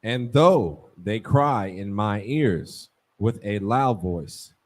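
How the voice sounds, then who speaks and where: A man reading scripture aloud for a class, taking it slowly and carefully. His intonation moves a lot, rising and falling through each verse. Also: fairly low pitch, expressive. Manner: slow, measured reading. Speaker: scripture reader.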